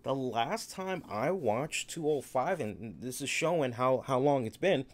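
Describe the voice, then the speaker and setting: A man hosting a live wrestling aftershow, talking in an animated, rambling way and repeating himself. He has had a beer and is hiccuping a little. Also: medium pitch, measured pace. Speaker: wrestling show host. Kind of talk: live solo aftershow review.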